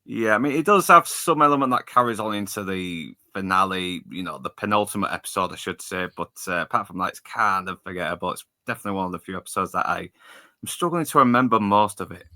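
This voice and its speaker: A man who is a guest on a casual podcast chat, giving measured, unimpressed opinions. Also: sits low, expressive, pushed and bright.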